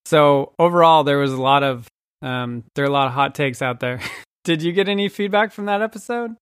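Man, thirties, podcast host, smooth clear voice, slightly high, dry sound. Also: a little fast, a bit bright, dry recording. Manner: laughs often while talking. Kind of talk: casual chat.

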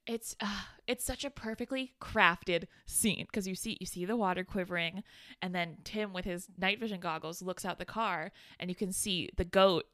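A woman's voice: fairly low pitch, moderate pace, a bit bright, dry recording, studio quality. A woman co-hosting a podcast in a casual film chat, emphatic, swearing often and laughing. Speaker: podcast co-host.

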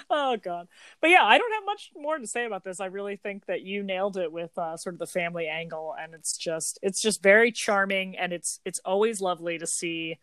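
A woman's voice: medium pitch, moderate pace, fairly bright tone, no room sound. A woman co-hosting a podcast in casual chat, laughing often and acting out quoted lines. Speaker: podcast co-host.

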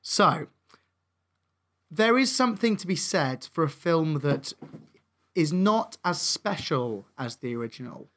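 A man's voice: on the high side, expressive, measured pace, long pauses, fairly bright tone, a little hiss or hum. A young man co-hosting a casual film review chat, hesitant and full of fillers and restarts, but enthusiastic. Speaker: film review podcast co-host.

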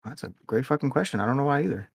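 A young man with a slightly husky voice who cuts in with wry jokes while co-hosting a casual podcast chat. The sound is dry and close to the mic. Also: medium pitch, expressive, very fast, dry recording. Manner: joking, wry interjections. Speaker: podcast co-host.

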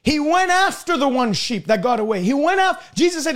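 A man preaching a sermon emphatically, swinging between loud high passages and low drawn-out ones. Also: big pitch swings.

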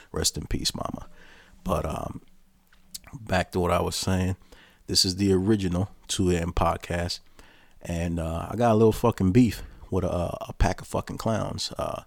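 A man's voice: low-pitched, gravelly, dry recording. A man hosting his own podcast, talking bluntly and profanely in a casual ranting style. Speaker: podcast host. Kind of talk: casual solo podcast rant.

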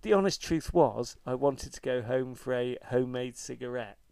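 A man's voice: medium pitch, normal speed, gravelly, darkish tone, clean tone, no echo. A middle-aged man, a podcast co-host, telling stories in a wry, self-mocking way and swearing freely in casual chat.

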